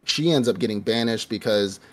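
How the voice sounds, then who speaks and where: A man's voice: fairly low pitch, a little fast. A man co-hosting a podcast, telling an anime plot in loose, profane casual chat and acting out the characters' lines. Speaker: podcast co-host.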